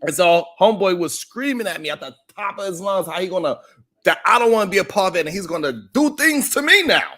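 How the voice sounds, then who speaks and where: Animated high-voiced man telling a story. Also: fast talker. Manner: storytelling, acts out quoted voices, greets chat viewers by name. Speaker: live stream show host. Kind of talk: animated live stream monologue.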